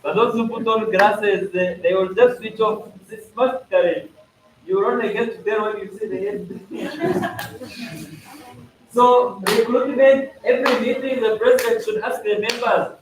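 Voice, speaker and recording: At a school congress, a man gives an instructional talk explaining procedures to students, often asking "are we together?" and playfully acting out examples and jokes. His voice sits high at a moderate pace. The recording is from a distant mic in an echoey hall, with some noise.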